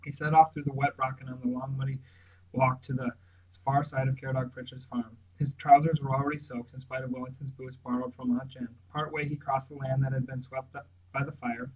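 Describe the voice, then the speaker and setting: Man, storybook narration, measured, mid pitch, off-mic sound. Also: level tone, far from the mic, low-quality recording. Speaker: audiobook reader. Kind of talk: storybook read-aloud narration.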